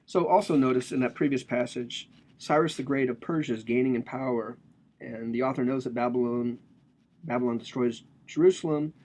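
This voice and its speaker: A man's voice: medium pitch, a little fast, darkish tone. A man giving a casual, joking lecture on a religious text, explaining it with slang and asides.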